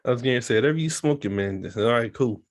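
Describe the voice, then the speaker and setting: A man's voice: mid-range voice, animated, fast talker. A man co-hosting a podcast in a casual movie chat, laid-back and joking, laughing often. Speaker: podcast co-host.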